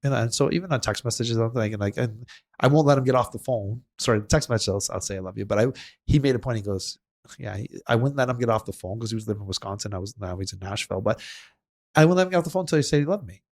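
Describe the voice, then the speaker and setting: A middle-aged man with a gravelly, creaky edge to his voice, chatting on a podcast. He rambles in an earnest, emotional way, repeating himself and circling back to his point. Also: fairly low pitch, quick pace. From Canada. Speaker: podcast host. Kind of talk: casual conversation.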